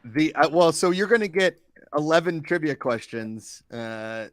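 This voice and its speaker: A man's voice: fairly high pitch, measured pace, dry recording. A man hosting a talk show segment in casual chat, offhand and full of fillers.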